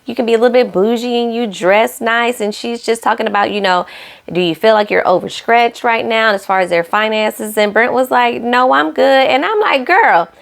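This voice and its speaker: A woman's voice: on the high side, brisk, gravelly. A young woman giving a casual, sassy recap of a reality show, talking straight to her viewers and acting out what the cast said. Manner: acts out cast lines in shifting voices.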